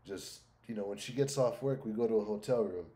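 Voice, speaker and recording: Warm-voiced crude streamer man. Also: on the low side, a little fast. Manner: crude, blunt and swearing, drawling. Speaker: streamer reacting to videos. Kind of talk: casual reaction chat.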